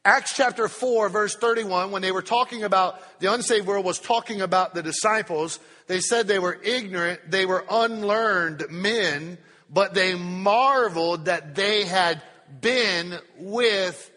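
A man preaching a sermon at a church Bible study, stretching key words slowly for emphasis. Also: high-pitched, pushed and bright. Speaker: pastor. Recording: long hall reverb.

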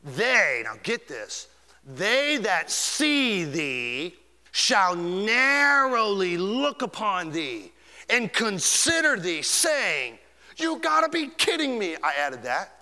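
High bright-voiced preaching man, hall reverb. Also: sing-song, drawn-out words. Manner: dramatic preaching with wide swings from shouts to hushed whispers. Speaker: pastor. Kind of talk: sermon.

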